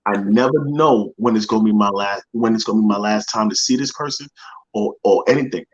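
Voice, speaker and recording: A man's voice: fairly low pitch, a little fast, muffled recording. Earnest man telling a personal story. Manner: earnest, repeats phrases while searching for words. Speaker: motivational speaker guest.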